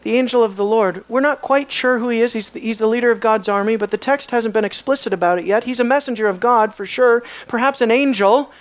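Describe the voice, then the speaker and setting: Bible teacher, lecturing a class, emphatic, asks questions, medium pitch.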